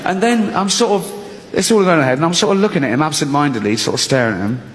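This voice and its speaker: Male comic, higher-pitched voice, animated storytelling, live in a reverberant venue. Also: fast, noisy background. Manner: animated, acts out inner voices in shifting pitches. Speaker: stand-up comedian. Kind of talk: stand-up routine. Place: comedy stage. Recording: large hall with audience laughter.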